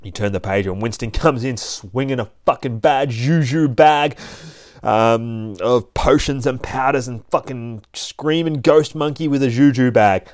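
A man's voice: medium pitch, unhurried, no echo, clean studio sound. Man swearing through a comic read-along. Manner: profane, rambling asides. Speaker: comic book reader.

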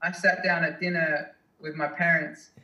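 A man's voice: a little high, level tone, normal speed, pushed and bright, echoey room, voice pushed up, low-quality recording. A man putting on the voice of a relentlessly positive male elite runner, speaking with earnest, eager declarations. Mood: upbeat.

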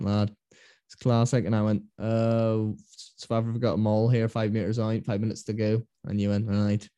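A man's voice: medium pitch, mellow, smooth, no room sound, studio quality. A man hosting a casual rugby podcast, telling rambling stories. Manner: chatty, rambling storyteller. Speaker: podcast host.

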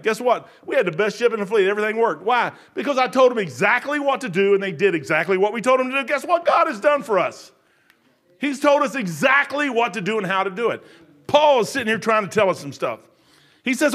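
An older man preaching a folksy sermon, telling stories and swinging from quiet muttering to loud, emphatic lines. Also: high voice, expressive, quick pace.

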